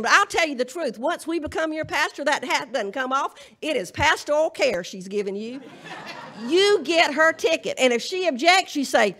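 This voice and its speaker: A woman's voice: sits high, animated, moderate pace, a bit bright, a little hiss or hum. A woman minister with a Southern US accent, delivering a humorous, emphatic charge to a congregation at a live church service. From Southern United States. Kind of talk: folksy sermon-style charge.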